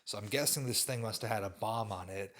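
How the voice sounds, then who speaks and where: A man giving an impassioned religious monologue, swinging between sudden loud bursts and quiet asides. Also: on the low side, a little fast. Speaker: religious commentator.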